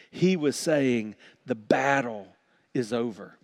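A man preaching a sermon as pastor, swinging from quiet, slow lines to loud, shouted ones. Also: mid-range voice, lively intonation, no room sound, studio quality.

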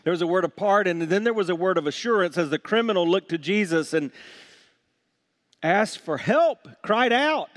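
Guy preaching a sermon, voice a bit high, gets loud then drops real quiet, drags out the big words. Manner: dramatic swings from loud emphasis to hushed quiet; slows down to stress key words. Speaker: pastor.

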